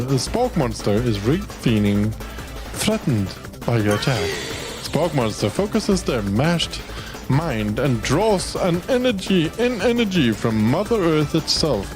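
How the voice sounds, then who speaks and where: Danish guy streaming a game, casual, swears a lot, slow talker, music in the back. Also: mid-range voice, big pitch swings. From Denmark. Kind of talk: gameplay commentary and reading text aloud.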